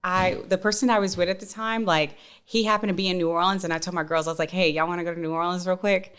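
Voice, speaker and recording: A woman's voice: on the low side, steady tone, quick pace, fairly bright tone, smooth. A woman, co-hosting a casual podcast chat and telling rambling stories in which she quotes people. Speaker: podcast co-host.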